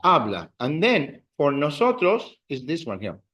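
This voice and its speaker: A man's voice: fairly high pitch, wildly swooping pitch, a bit bright. A man teaching a class, explaining verb endings patiently and drilling students in a classroom. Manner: slow, patient, drills students with call-and-response. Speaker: Spanish teacher. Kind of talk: classroom lesson.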